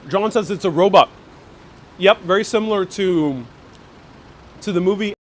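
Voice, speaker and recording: A man with a slightly high voice hosts a casual live-streamed walking vlog. He chats loosely, with frequent laughs, fillers and restarts. It is recorded on a handheld phone on a city street, with faint traffic behind. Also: normal speed. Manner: chatty, laughs often, many fillers and restarts. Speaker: travel vlogger host. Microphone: phone held in hand while live streaming.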